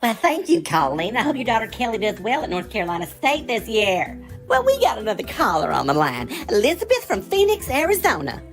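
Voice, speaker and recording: A woman's voice: a little high, wildly swooping pitch, fairly quick, few pauses. A woman playing a peppy home-shopping TV host. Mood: chirpy. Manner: peppy salesy patter. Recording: cartoon trailer with faint music.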